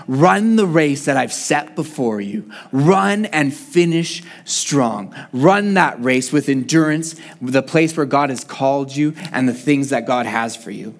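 A young adult man preaching a sermon, praying and telling a lively family story, sometimes shouting as he acts it out. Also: a little high. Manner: animated storytelling, shouting when acting out his son. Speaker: pastor.

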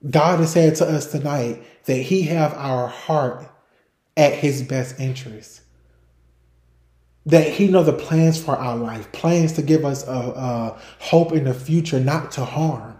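A man's voice: on the high side, slow, warm tone, reverberant. A man hosting a faith podcast, preaching in an emphatic, repetitive way and restarting phrases as he builds his points. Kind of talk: sermon-style podcast talk.

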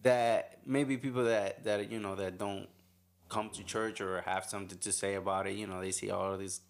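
Low male guest, hesitant, casual round-table chat. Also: fairly even intonation, normal speed, vocal fry. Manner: hesitant, searching for words. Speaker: podcast guest.

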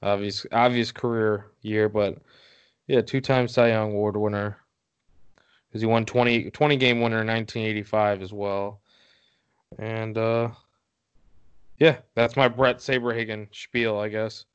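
A man's voice: on the low side, flat delivery, a little slow, pauses often, smooth, highs cut off. A man co-hosting a podcast, chatting casually, rambling through stats and laughing often. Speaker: podcast co-host. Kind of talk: casual chat.

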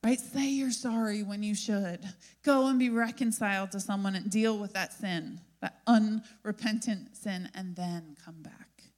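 Woman preacher with a lively storytelling style. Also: medium pitch, a little slow. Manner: lively storytelling, frequent "right?" asides. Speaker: pastor. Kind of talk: sermon.

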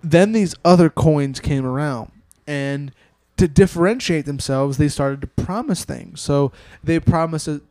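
Young dude podcast host, rambly and jokey, higher voice, dry mic. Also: male voice, measured pace, hardly any pauses, warm tone, no echo. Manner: joking, rambling, laughs often. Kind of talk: casual chat.

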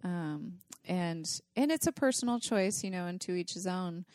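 A woman guest on a podcast, a Chinese medicine doctor, explaining her programs in a relaxed way with easy laughs. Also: on the low side, normal speed, no room sound, studio quality. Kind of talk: casual podcast interview.

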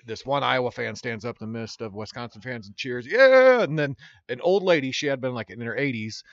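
A man chatting casually on a podcast, rambling quickly with frequent laughs. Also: medium pitch, fairly bright tone, no room sound. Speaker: podcast co-host. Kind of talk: casual chat. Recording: muffled lo-fi podcast audio.

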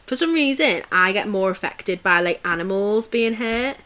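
A woman's voice: medium pitch, animated, moderate pace, bright, forceful tone. A woman co-hosting a casual podcast, telling history stories in a chatty way with many fillers and restarts. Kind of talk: casual chat.

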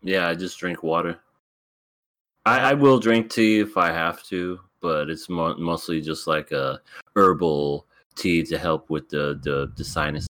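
Deep voice guy chatting on a podcast, laughs a lot, dry close mic. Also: fairly even intonation, measured pace, a bit bright, dry recording. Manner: laughs a lot, hesitant with fillers. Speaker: podcast co-host. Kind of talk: casual chat.

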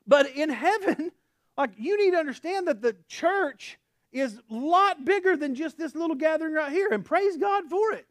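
A man with an Oklahoma accent preaching a casual, folksy sermon, his pitch swinging up and down with real animation. He drops into chatty asides and laughs at himself. The sound is close and dry, with no room echo. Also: animated, normal speed. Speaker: pastor. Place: church sanctuary.

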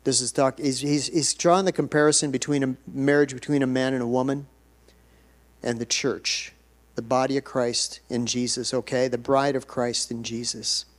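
A man's voice: mid-range voice, fairly even intonation, normal speed. A man pastor preaching a sermon, moving between conversational asides and bursts of emphatic delivery.

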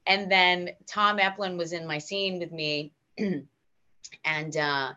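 Low, bright-voiced American woman storyteller. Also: takes it slowly, lo-fi sound. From United States. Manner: animated, emotional, full of restarts. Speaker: guest actor. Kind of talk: casual interview storytelling.

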